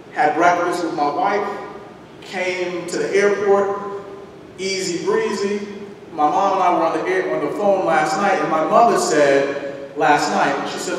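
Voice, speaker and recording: A man giving a talk as a guest speaker, telling a personal story in a lively way and acting out the voices of the people in it. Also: high voice, measured pace. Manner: animated, acts out voices in his story. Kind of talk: storytelling lecture. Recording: echoey hall recording from far off, noisy.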